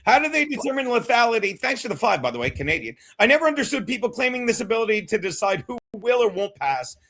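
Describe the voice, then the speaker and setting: A man hosting a casual political chat show, loud and emphatic, joking and shouting his punchlines. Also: very high voice, big pitch swings, fast. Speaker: podcast host.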